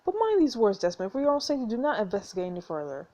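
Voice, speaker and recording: A woman's voice: mid-range voice, very animated, very fast, dark tone, lo-fi sound. A woman voicing a stern, secretive male professor in a story game, speaking in a firm, formal and dismissive way. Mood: stern warning.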